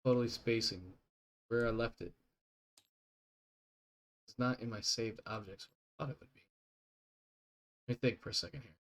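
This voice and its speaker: A man's voice: mid-range voice, moderate pace, pauses often, a bit bright. A man narrating a tabletop game as game master, chatty and self-deprecating, laughing often.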